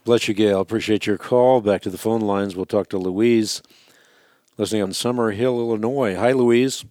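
A man hosting a call-in radio show, explaining Bible questions to callers in a measured, teacherly way. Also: lowish voice, fairly even intonation, mellow, dry recording, studio quality.

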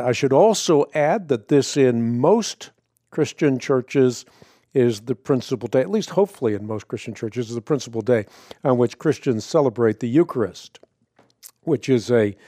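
Slow, mellow-voiced male radio host. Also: medium pitch, dry recording, studio quality. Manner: measured, explanatory, with pauses. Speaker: radio Bible question host. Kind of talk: radio call-in answer.

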